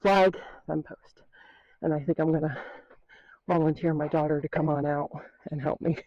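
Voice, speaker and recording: A woman's voice: low-pitched, fairly even intonation, normal speed, no echo, dull audio. A woman walking around her horse paddock, chatting casually and self-deprecatingly while out of breath. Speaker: horse trainer vlogger. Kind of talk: casual outdoor vlog walkthrough.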